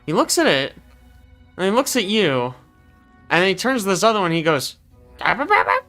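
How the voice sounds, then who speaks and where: Lively bright-voiced game master man. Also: high-pitched, fairly quick, faint music behind. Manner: bright, lively, often hesitant with fillers. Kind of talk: narrating a tabletop game.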